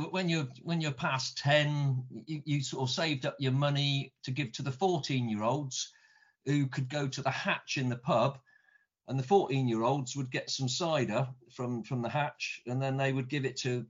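A middle-aged man with a British accent, winding through stories in easygoing conversation, stumbling over repeated words. The recording is dull and lo-fi, with a muffled top end. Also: medium pitch. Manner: rambling, repeats words, mild swearing. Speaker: guest. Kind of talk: casual anecdote telling.

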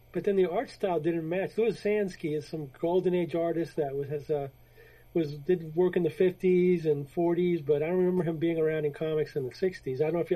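Rambling high-voiced man chatting about comics. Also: mellow, poor audio. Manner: rambling, retells stories with quoted voices. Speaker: podcast co-host. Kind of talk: casual chat about comics.

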